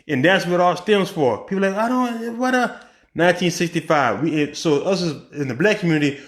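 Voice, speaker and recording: A man with a high voice delivers a casual opinion monologue in an echoey room. He talks in an animated way, fires off rhetorical questions and restarts his sentences, filling the gaps with ums. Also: fairly quick. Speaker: political commentary podcaster.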